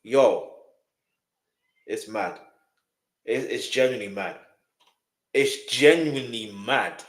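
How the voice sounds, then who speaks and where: A man's voice: mid-range voice, takes it slowly. A man hosting a reaction video, commenting emphatically and repeating his points to viewers. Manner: emphatic, repeats himself, speaks straight to viewers. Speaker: reaction host. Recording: roomy echo.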